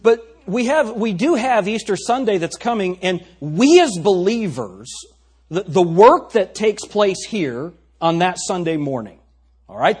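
Husky pastor preaching. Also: male voice, high-pitched, darkish tone. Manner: conversational, asks the congregation questions. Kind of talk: sermon. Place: church sanctuary.

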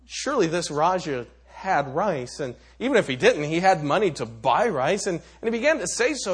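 A man's voice: on the high side, very animated, a little fast, slightly rough. A man preaching a sermon, telling a story dramatically with some stammered restarts.

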